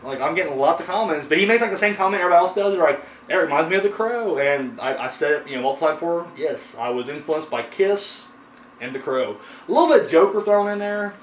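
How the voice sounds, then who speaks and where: Man, horror review host, casual rambling chat, fairly high voice, echoey room, heard from a distance. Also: animated, quick pace, a little hiss or hum. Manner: rambling, swears freely, frequent fillers.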